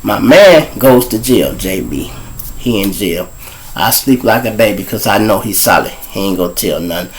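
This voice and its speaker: A man's voice: fairly low pitch, lively intonation, moderate pace, slight background noise, rough recording. A man from Chicago with a Chicago accent, hosting his show and telling raw, profane street stories straight to his listeners. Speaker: host and storyteller. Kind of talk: casual street storytelling.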